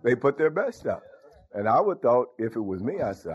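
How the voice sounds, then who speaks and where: A man's voice: mid-range voice, sing-song, moderate pace. A man preaching a folksy sermon, calling out to his congregation. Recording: dull lo-fi recording.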